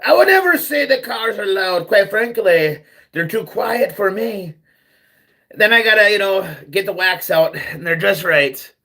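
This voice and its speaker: A man's voice: high-pitched, expressive, unhurried, pushed and bright. A man hosting a livestream, ranting bluntly and profanely, repeating himself as he goes. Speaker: livestream host. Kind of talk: ranting monologue.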